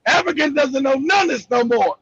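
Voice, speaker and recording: Loud high-voiced ranting male host. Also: brisk, no room sound, highs cut off. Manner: loud, profane, shouting rants and animated retelling. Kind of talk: heated live broadcast talk.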